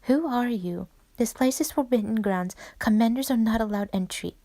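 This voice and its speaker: A woman's voice: fairly high pitch, moderate pace, dark tone, dry recording, close to an everyday voice. A woman voicing a stern male camp guard who speaks in curt challenging lines.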